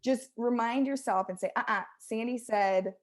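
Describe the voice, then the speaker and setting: A woman's voice: fairly high pitch, moderate pace. A woman co-hosting a casual health podcast, talking emphatically as a fitness coach and acting out what people say. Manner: animated, emphatic, acts out quotes. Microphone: close studio mic, audible breathing.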